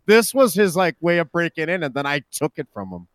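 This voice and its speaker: Male co-host, high and lively, sarcastic, roasting tone, dry close sound. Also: fairly quick, dry recording. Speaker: podcast co-host. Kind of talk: casual streamed chat.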